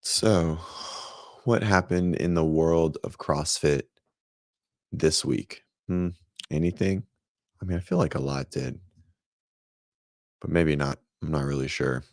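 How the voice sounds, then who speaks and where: Deep gravelly man chatting on a livestream. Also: slow pace, long pauses, darkish tone, dry recording, studio quality. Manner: rambling, chatty, reads and greets viewers. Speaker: fitness livestream host. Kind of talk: casual morning livestream chat. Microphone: desk microphone.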